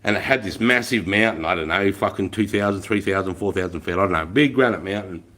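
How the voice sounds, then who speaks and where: Swearing Australian army veteran telling stories. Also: male voice, low voice, fast, sharp tone. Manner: swears constantly, laughs while telling war stories. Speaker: livestream host, army veteran. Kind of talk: casual storytelling on a livestream.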